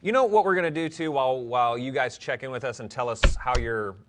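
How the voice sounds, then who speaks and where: A man's voice: medium pitch, fast, noisy background. A man co-hosting a live-streamed recovery talk show, friendly and loose, often repeating words as he talks. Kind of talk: casual live-stream chat.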